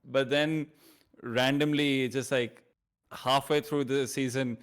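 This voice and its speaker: A man's voice: medium pitch, fairly even intonation, slow, smooth. A man from Pakistan with a Pakistani accent, a guest chatting on a podcast, rambling through fillers and restarts. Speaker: esports commentator guest. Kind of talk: casual podcast chat.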